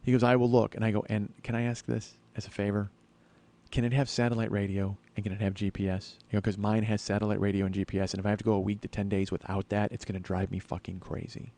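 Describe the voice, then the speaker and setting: A man's voice: fairly low pitch, level tone, fast talker, mellow. A man in his forties hosting a comedy podcast, telling a long profane story and slipping into exasperated rants. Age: 40s. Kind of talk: profane comic storytelling monologue.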